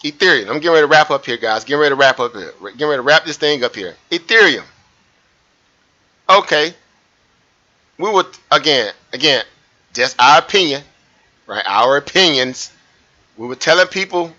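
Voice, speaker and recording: A man hosts a live trading stream, pointing out lines on a chart and asking viewers rhetorical questions. His voice is bright and pushed, set a little high. The stream audio sounds muffled and lo-fi. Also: normal speed, long pauses. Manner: animated, repeats himself, asks viewers rhetorical questions. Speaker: trading livestream host. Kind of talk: live market commentary over a chart.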